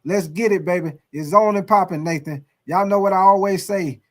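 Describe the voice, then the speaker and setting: A man hosting a casual live sports talk stream, calling out to his chat in a loose, excitable way and tagging his lines with "man" and "baby". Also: sits high, moderate pace, hardly any pauses.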